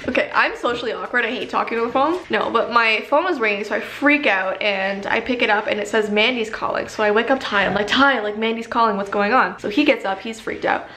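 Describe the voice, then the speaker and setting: A woman's voice: a little high, a little fast, few pauses, sharp tone, roomy sound, a little hiss or hum. A young woman from Canada hosting a casual story-time vlog, chatty and full of "like" fillers. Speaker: vlogger.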